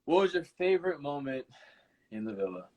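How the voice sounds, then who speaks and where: The recording is muffled, but the young man's voice comes through a little high and slightly mellow, brisk, with big swings in pitch. He's a channel host doing a casual live Q&A, spinning laid-back stories full of fillers like "like" and repeating himself often.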